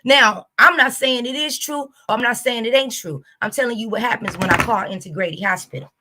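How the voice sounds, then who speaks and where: A woman's voice: a little high, brisk, very noisy. A woman YouTube host with a Southern US accent, ranting bluntly and profanely to her viewers. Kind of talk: casual reaction rant to camera.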